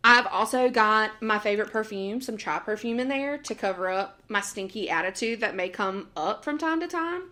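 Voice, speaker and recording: A young woman co-hosting a podcast in casual chat, animated and laughing often, acting out what she and others said. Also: mid-range voice, normal speed, few pauses. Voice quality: animated, laughs often, quotes herself in voices. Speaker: podcast co-host.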